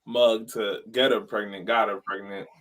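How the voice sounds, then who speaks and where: A man's voice: fairly low pitch, flat delivery, moderate pace, a bit bright. A man hosting a casual podcast chat, teasing his friends and steering the topics. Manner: teasing, playful, leads the topics. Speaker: podcast host.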